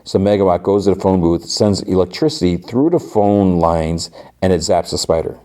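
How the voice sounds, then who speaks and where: A man's voice: low voice, moderate pace, dark tone. A man hosting a podcast who gives a loose, casual recap of an episode, often filling gaps with "like" and "uh". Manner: loose retelling full of "like" and "uh". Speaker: podcast host.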